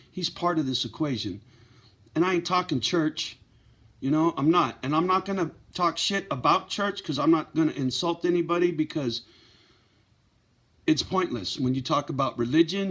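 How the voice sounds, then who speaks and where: A man's voice: on the high side, fairly bright tone. A man running a pit bull rescue channel, talking bluntly and emotionally to his viewers in a profane, heartfelt vlog. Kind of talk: candid direct-to-camera vlog.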